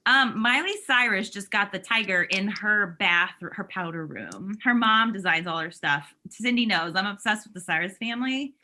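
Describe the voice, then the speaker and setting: A woman gushing excitedly in casual chat with friends. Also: mid-range voice, moderate pace, hardly any pauses.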